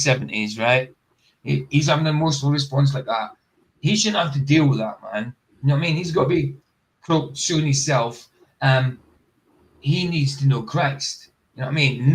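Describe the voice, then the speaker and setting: A man's voice: mid-range voice, poor audio. A man hosting a casual reaction stream, bluntly skeptical and firing off rhetorical questions. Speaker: host.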